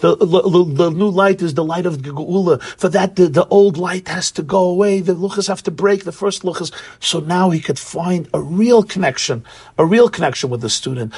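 A man's voice: high voice, normal speed, darkish tone, husky. A man teaching a Torah class, earnest and searching for words, often restarting phrases as he explains. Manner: earnest, searching for words, acts out quoted voices.

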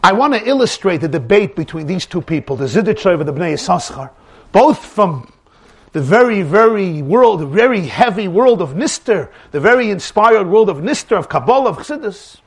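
A man's voice: sits high, very animated, brisk, breathy edge. A man giving a dramatic religious lecture, acting out dialogues with rising emphasis. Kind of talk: animated Torah lecture with acted dialogue.

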